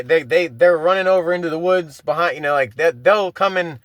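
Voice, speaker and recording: A man's voice: a little high, fairly quick, few pauses, a bit bright, no echo. A man in his thirties from Florida, hosting a casual solo podcast, rambling with many fillers and restarts and swearing freely. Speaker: podcast host.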